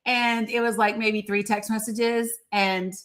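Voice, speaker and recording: A woman's voice: medium pitch, flat delivery, measured pace, fairly bright tone. A woman hosting a casual live stream, bubbly and chatty, greeting viewers by name as she goes.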